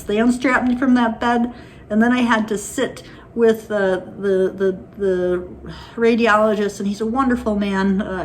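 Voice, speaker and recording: A woman's voice: medium pitch, slight background noise. A woman vlogging to her phone camera in a candid, rambling way, laughing through anxious stories. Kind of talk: casual personal vlog.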